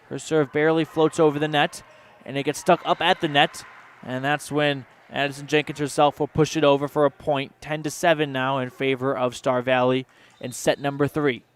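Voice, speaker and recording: A man calls a volleyball match for local radio, his voice smooth and clear. He pitches a little high and reels off the action in quick play-by-play, weaving sponsor names into the calls. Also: flat delivery. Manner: rapid play-by-play with sponsor mentions. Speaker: play-by-play announcer. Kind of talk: local radio sports commentary.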